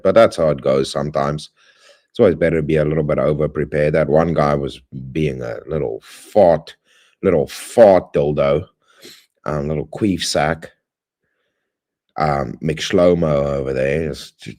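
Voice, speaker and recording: A man hosting a livestream, closing with rambling, friendly shout-outs to viewers in playful slang. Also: a bass voice. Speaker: livestream host. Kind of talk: casual stream sign-off.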